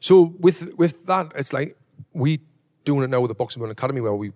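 A man hosting a casual chat, telling stories with lots of swearing and loud acted-out quotes. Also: mid-range voice, a little fast. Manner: animated storyteller, swears freely, acts out quotes loudly. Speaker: podcast host.

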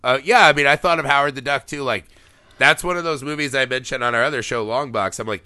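Podcast host, male, bright tense voice, dry close mic, excitable and sweary. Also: mid-range voice, quick pace, dry recording. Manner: animated, laughs often, swears casually. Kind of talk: casual podcast film chat.

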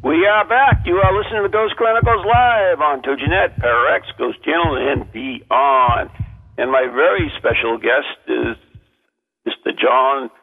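A man's voice: on the high side, unhurried. An older man hosting a radio talk show, joking and rambling with many restarts. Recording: tinny phone-like radio audio.

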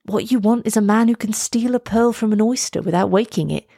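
A woman voicing a sly, smooth-talking thief who speaks softly and wheedles. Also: medium pitch, a little fast, dry recording, studio quality. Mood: wheedling.

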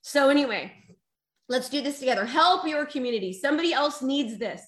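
A woman's voice: high voice, expressive, brisk, fairly bright tone, echoey room. A woman giving a live online motivational talk as a coach, emphatic and exhorting her viewers, tearful at times. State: emotional, tearful.

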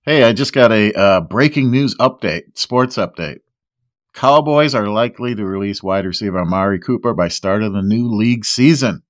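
Laid-back male sports radio host, lower voice, dry close mic. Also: moderate pace, dry recording. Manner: easygoing, laughs along. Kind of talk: casual radio chat.

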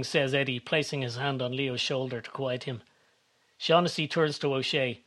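A man giving calm, measured scripted narration. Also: mid-range voice.

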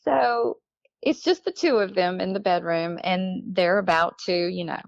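In a lowish, unhurried voice with vocal fry, a woman chats as a guest about something that happened to her, laughing often and imitating the people she quotes. The recording is muffled with no room sound.

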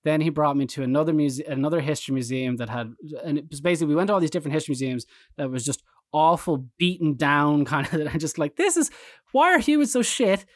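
A man's voice: fairly high pitch, fast, no room sound, studio quality. Rambling Irish man telling stories. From Ireland. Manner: rambling anecdotal storyteller, animated quoted voices. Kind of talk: casual chat.

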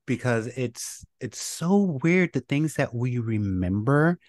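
A middle-aged man, a guest, recounting his life story in a casual, animated way and laughing at his own memories. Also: medium pitch, takes it slowly, no room sound, clean studio sound.

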